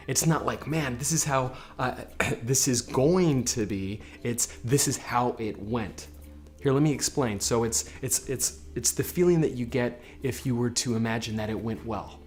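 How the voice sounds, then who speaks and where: A man giving a motivational lesson on public speaking, energetic and often repeating his words. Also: mid-range voice. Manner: energetic, repeats words, acts out chanted affirmations. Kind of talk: motivational talk to camera.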